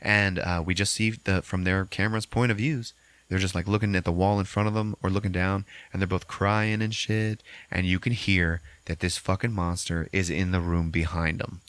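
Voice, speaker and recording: A man hosting a podcast, recapping a movie in a casual, animated way with constant swearing. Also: low-pitched, normal speed, clear, resonant tone, no echo. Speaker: podcast host.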